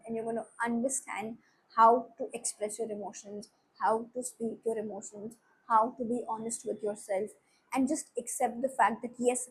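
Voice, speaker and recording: Woman, Indian accent, young, spiritual reader, earnest and reassuring, higher voice, faint background hiss. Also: poor audio. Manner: switches between English and Hindi, earnest and reassuring. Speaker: tarot reader. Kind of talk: spiritual reading to viewers.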